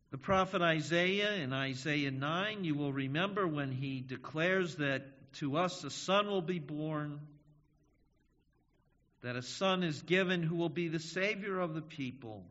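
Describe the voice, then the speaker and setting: Slow, emphatic male preacher in a hall. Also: a little high, a bit bright. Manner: emphatic, slow and measured, stressing key words. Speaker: pastor. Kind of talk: sermon. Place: church sanctuary. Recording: dull audio in a reverberant hall.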